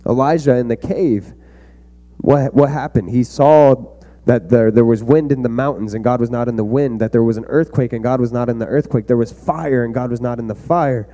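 A man's voice: medium pitch, normal speed, mellow. A young man giving an earnest, conversational youth sermon to a room of kids. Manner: earnest, conversational preaching with fillers. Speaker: youth pastor.

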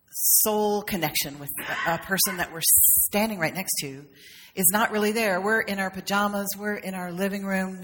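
A woman minister giving a conversational, humorous sermon, with playful acted asides. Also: mid-range voice. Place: church sanctuary. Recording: long reverb of a sanctuary.

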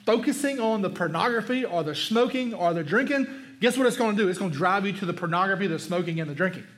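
A man's voice: sits high, lively intonation, fast talker, a bit bright. A man preaching a sermon as pastor, emphatic and conversational, asking the congregation rhetorical questions. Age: adult, father of a young son.

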